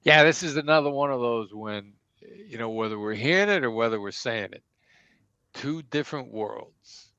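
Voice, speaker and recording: A man's voice: mid-range voice, lively intonation, moderate pace, pushed and bright, clear, resonant tone, dry recording, lo-fi sound. A man, a negotiation expert, answering interview questions and acting out sample dialogue to make his points. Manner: emphatic, acts out example dialogue.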